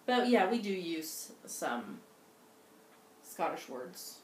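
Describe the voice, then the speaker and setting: A middle-aged woman with a slightly low voice chats on a home knitting podcast, rambling and restarting her sentences. The sound is roomy, with a faint hiss behind her. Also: sing-song, slow pace. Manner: chatty, rambling with many fillers and restarts. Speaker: podcast co-host, mother. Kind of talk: casual chat. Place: home in Scotland. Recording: roomy echo, faint noise.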